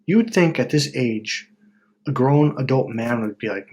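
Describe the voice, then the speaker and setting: A middle-aged man with a husky, slightly breathy voice and an ordinary pitch, talking casually to his audience. He is blunt and profane, and he jumps into louder, higher mocking voices whenever he quotes other people. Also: lively intonation, normal speed. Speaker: self-help video host. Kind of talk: casual monologue to camera.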